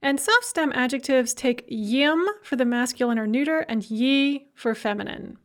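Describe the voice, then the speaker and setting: A woman's voice: high voice, normal speed. Woman teaching a grammar lesson. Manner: explains clearly, switching between English and careful Russian examples. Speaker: language teacher.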